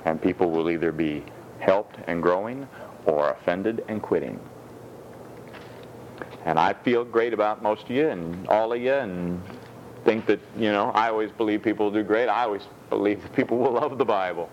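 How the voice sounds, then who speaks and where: A man preaching a sermon as a pastor, moving from lively storytelling with acted-out doctor and patient voices to measured, emphatic reading of scripture in a church hall. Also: lowish voice, a little hiss or hum. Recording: dull lo-fi sound with faint room ambience.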